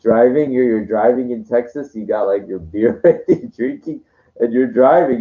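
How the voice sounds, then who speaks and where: A man vlogs in an expressive, medium-pitched voice at a normal pace, spinning loose, rambling stories peppered with the odd swear word. Sound quality is dull and lo-fi.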